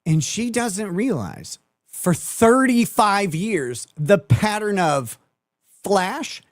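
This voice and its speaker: A commentary show host riffs through mocking, sarcastic, profane commentary, laughing often, his high-pitched voice swinging widely up and down. He's very animated but takes it slowly. The recording is dry, close and plain, with no room sound.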